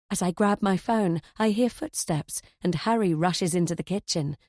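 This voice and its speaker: A woman's voice: fairly low pitch, normal speed, hardly any pauses, darkish tone, dry recording, clean studio sound. A woman reading a first-person thriller audiobook in a tense, confiding way. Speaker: audiobook narrator.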